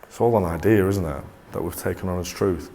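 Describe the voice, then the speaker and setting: A man presenting a motivational talk to a live audience, energetic and coaxing, often restarting mid-sentence. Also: sits low, brisk. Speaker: corporate presenter.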